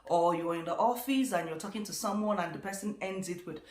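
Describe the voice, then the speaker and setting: A woman's voice: on the low side, fairly quick. Nigerian woman vlogging, talks straight to the viewers, kinda echoey room. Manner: chatty, addresses viewers directly as guys. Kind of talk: casual explanatory vlog.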